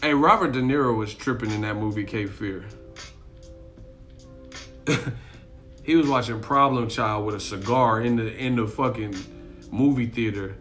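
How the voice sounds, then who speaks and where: A man's voice: mid-range voice, measured pace, long pauses, a bit bright, soft background music. A man chatting casually on a live stream, rambling, swearing and laughing often, talking to his chat. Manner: rambling, profane, laughs a lot, acts out voices. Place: in Miami.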